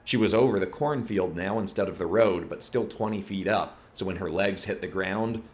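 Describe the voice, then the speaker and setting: A man narrating a horror story in a low, steady storytelling delivery. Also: normal speed.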